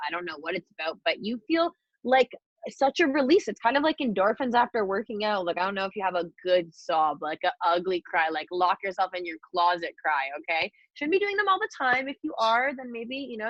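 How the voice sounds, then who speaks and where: A woman's voice: mid-range voice, dry recording, muffled recording. A young woman talking candidly and casually on a group video call, swearing freely as she gives life advice. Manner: chatty and candid, swears freely, acts out inner voices. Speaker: guest mentor.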